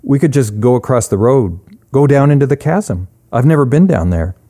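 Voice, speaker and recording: A man's voice: medium pitch, animated, moderate pace, mellow, pitched above the performer's own voice, lightly acted. A man voicing a shy, hesitant young male store clerk.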